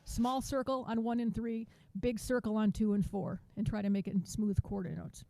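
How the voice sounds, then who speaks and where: A woman teaching a drum masterclass over a video call, chatty and counting beats out loud. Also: medium pitch, level tone, moderate pace, vocal fry, no echo. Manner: chatty, restarts sentences, counts beats aloud.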